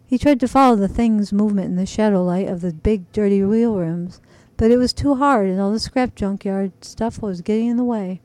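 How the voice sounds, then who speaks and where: A woman reading a children's story aloud, animated, pausing to talk to young listeners. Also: fairly high pitch, dry recording, poor audio.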